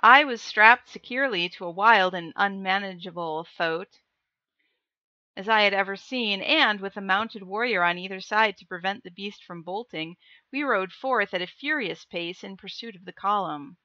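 A woman's voice: medium pitch, normal speed, sharp tone, dry recording, highs cut off. A woman reading a novel aloud on a livestream, breaking off for jokey chats with her viewers. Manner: jokey, chatty asides to chat. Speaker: livestream book reader.

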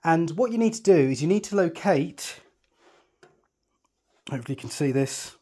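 Explaining a telescope setup hands-on, one step at a time, a man stays chatty and reassuring and frequently thinks out loud. His voice is a little high yet dark and husky, with lively intonation at a normal speed.

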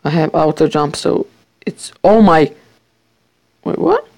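Excitable young man with a gravelly voice. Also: fairly high pitch, slow, dry recording. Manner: excitable, swears, jokingly boasts. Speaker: gamer playing a survival match. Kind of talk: casual game commentary. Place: his bedroom.

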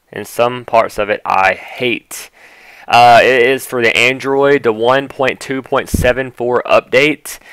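A man giving casual, excitable commentary on a video game as its gaming YouTuber, exclaiming and mocking what he sees on screen. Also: mid-range voice, clean tone, no echo. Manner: excitable and exclamatory, quick to mock and laugh.

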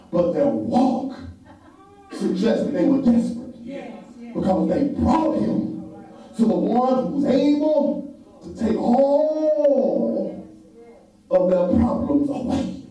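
A man's voice: very high-pitched, dark tone. A man preaching a sermon as pastor, with call-and-response rhythm, repeated phrases, frequent "huh?" and half-sung lines. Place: church sanctuary. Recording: very echoey church from far off, faint music.

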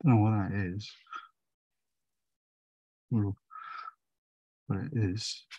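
Brief: male art tutor, older, chatty painting demo, husky, dry close sound. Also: fairly low pitch, fairly even intonation, slow pace, warm tone, no echo, muffled recording. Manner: rambling, chatty, thinks aloud while painting. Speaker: watercolour tutor. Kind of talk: casual painting demonstration.

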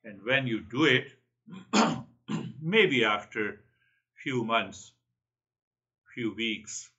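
A man's voice: mid-range voice, expressive, extremely slow, pushed and bright, muffled recording. A man giving a spiritual talk, earnest and repeating his key phrases. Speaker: spiritual teacher.

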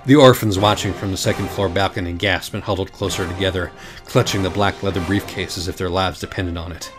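A man's voice: low-pitched, steady tone, fairly quick, music in the background. A man giving a wry, theatrical comic reading of a parody storybook.

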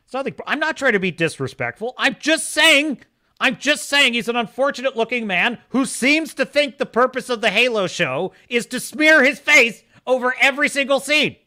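Man, livestream host, high voice, very animated, opinionated, emphatic. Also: moderate pace. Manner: opinionated, emphatic, repeats himself. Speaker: host of a streaming show. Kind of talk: casual livestream commentary.

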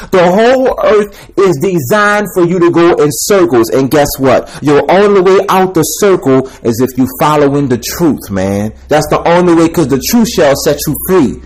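Man, high and lively voice, emphatic street-slang preacher ranting to camera. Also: poor audio.

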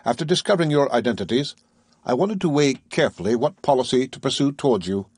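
A man reading the lines of an aloof, commanding ship's captain in an audiobook, calm, measured and penetrating. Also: mid-range voice, husky, no echo.

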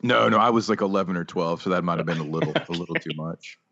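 A man on a podcast with a very low, deep voice, trading crude, teasing jokes. His mic sounds dull and lo-fi. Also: fast, a bit bright. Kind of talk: casual comedic chat.

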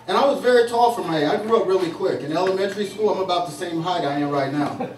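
A man's voice: sits high, fast talker. A man doing a stand-up routine in a saloon, telling rambling stories full of restarts and fillers. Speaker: stand-up comedian. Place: saloon stage with an audience. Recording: distant, echoey bar recording with crowd. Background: audience laughing.

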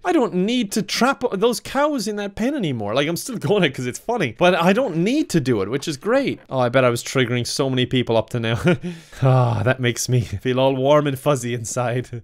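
A young Irish man giving sweary, laughing let's play commentary and talking to the animals in the game. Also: mid-range voice. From Ireland. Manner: swears a lot, laughs often, talks to animals. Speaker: gaming YouTuber.

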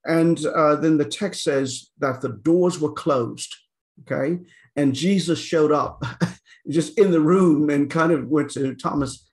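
A man's voice: on the high side, unhurried, darkish tone. A man giving an informal Bible lecture, talking conversationally with many fillers and frequent "okay?" check-ins, retelling scripture in casual paraphrase. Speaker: Bible teacher.

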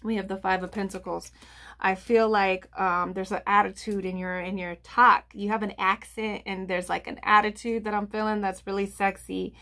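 A woman's voice: medium pitch, little pitch movement, normal speed, sharp tone. A woman giving a casual tarot reading to viewers, rambling with lots of fillers, restarts and "I feel like.". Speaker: tarot reader.

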